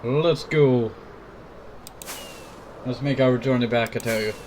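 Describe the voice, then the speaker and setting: A man's voice: medium pitch, flat delivery, fast talker, darkish tone, a little hiss or hum. A sick man with a cough, rambling casually while commenting on his own gameplay. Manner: rambling, keeps saying "I tell you". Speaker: gameplay video host.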